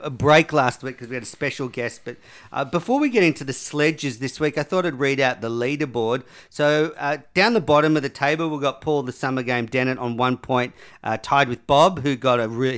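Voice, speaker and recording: A man's voice: mid-range voice, fairly bright tone. A man, hosting a podcast and reading quiz questions in a chatty, joking way. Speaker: podcast host. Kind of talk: casual chat, quiz hosting.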